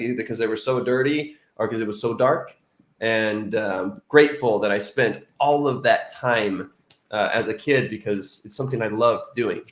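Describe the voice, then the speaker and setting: Low-voiced man in an echoey room. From Oregon, United States. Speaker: guest, life coach. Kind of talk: video call interview.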